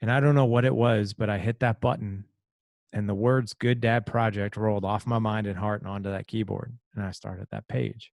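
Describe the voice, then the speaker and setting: A man in his thirties, a podcast host, telling an emotional personal story in a halting, confessional way. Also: lowish voice, steady tone, gravelly, darkish tone, no room sound, studio quality.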